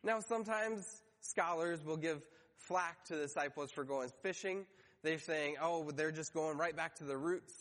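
A man's voice: a little high, moderate pace, fairly bright tone. A man preaching a sermon, telling the story and briefly acting out the voices in it. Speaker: pastor. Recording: long hall reverb.

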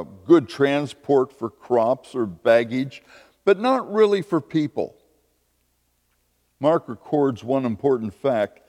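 Pastor guy giving a sermon, slow and swoopy, echoey big church. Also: medium pitch. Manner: animated preaching with emphatic repeated lines.

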